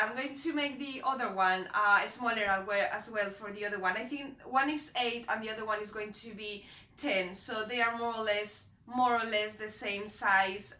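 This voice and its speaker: A woman chatting casually as she presents a sewing vlog, rambling a little and often pausing to find her words. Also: medium pitch, sharp tone. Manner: chatty and rambling, with frequent hesitations. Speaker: sewing vlogger. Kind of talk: casual how-to chat. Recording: roomy echo.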